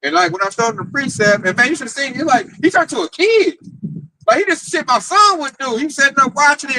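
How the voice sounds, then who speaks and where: A man with an Oklahoma accent telling a story in casual talk, animated and acting out the quoted voices. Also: extremely high pitch, quick pace, poor audio. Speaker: camp member telling a story.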